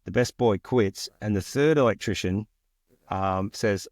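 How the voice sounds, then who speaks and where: An Australian man in his forties telling stories from his career in a lively, chatty way, acting out the people he quotes. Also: on the low side, normal speed, dry recording, clean studio sound. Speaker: guest. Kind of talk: casual storytelling interview.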